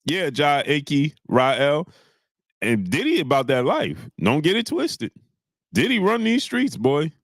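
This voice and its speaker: Man streamer, AAVE, lively pitch, dry close sound, chatty commentary. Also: measured pace, no echo. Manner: animated, greets chat viewers, acts out quotes in lower voice. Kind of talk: casual live-stream commentary.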